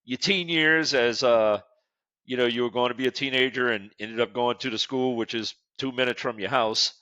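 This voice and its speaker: A man's voice: mid-range voice, normal speed, pushed and bright, dry recording, highs cut off. A man, hosting a podcast and telling stories between laughs. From Westbank of New Orleans. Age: 60s. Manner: storytelling, laughs often. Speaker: podcast host. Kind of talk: casual interview chat.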